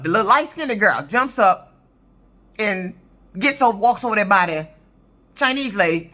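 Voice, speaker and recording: A woman's voice: medium pitch, pushed and bright. A woman in her fifties, a truck driver, telling a story in an indignant, profane, emphatic rant for her vlog. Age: 50s.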